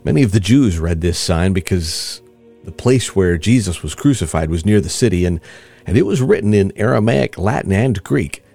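A man reading scripture in an expressive, storytelling way. His voice is deep and moves with lively pitch. Faint music plays beneath. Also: moderate pace, gravelly. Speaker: scripture reader.

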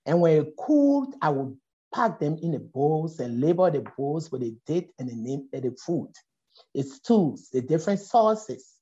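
Animated middle-aged Liberian woman storyteller. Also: sits low, normal speed. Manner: animated, acts out voices in her stories. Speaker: poet and scholar, guest. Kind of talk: storytelling in conversation. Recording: dull lo-fi audio.

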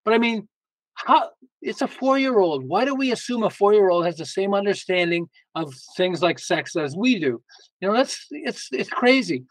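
Guest male, high voice, emphatic and lively, tells stories, dry close sound. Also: normal speed, dry recording, poor audio. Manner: emphatic, lively storyteller with frequent restarts. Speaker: guest author. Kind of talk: casual interview talk.

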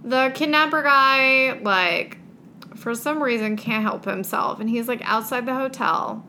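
A woman's voice: a little high, unhurried, pushed and bright, a little hiss or hum. A woman co-hosting a casual book chat podcast, sarcastic, reading passages aloud. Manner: sarcastic, reads passages aloud with mock voices. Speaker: podcast co-host.

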